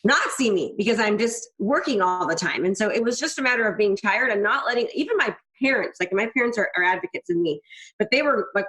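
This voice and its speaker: A woman's voice: mid-range voice, fairly quick. A woman guest, a business coach, telling stories candidly and animatedly, often acting out what people said. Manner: animated, frank, quotes herself and others in voices. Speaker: real estate coach and guest. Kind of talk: candid storytelling interview.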